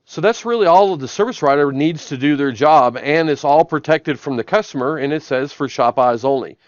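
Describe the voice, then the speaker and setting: This software trainer's voice is on the high side and fairly quick, heard in a dry, lo-fi recording. Streaming live from his office, he demos a shop tablet app step by step, announcing "I'm gonna" before each action.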